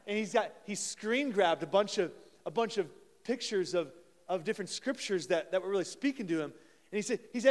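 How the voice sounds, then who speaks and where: A high-pitched man in his thirties delivers a sermon as pastor. He tells stories with eager restarts and repeated words. His voice carries a long reverb from a large hall. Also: fast talker. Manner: animated storytelling with many restarts.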